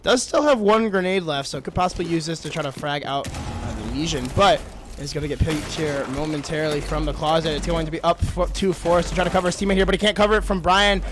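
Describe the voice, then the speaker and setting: Male color caster, slightly high voice, relaxed analysis, faint game noise. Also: fast talker. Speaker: esports commentator. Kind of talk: color commentary on a match.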